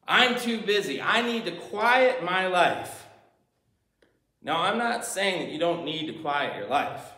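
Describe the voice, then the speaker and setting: A man preaching a sermon, animated, shifting between loud emphasis and quiet asides. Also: sits high, takes it slowly, roomy sound. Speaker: pastor.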